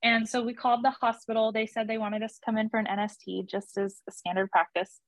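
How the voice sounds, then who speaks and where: A young woman chatting through a personal story as an interview guest, animated when she quotes people and laughing often. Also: on the high side, fast talker, no room sound, low-quality recording. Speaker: guest telling her birth story.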